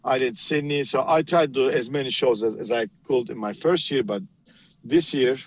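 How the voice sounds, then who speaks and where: A man's voice: mid-range voice, moderate pace. A man talking casually on a podcast, plain-spoken and matter-of-fact, with the odd swear. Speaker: knife maker guest. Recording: dull lo-fi podcast mic.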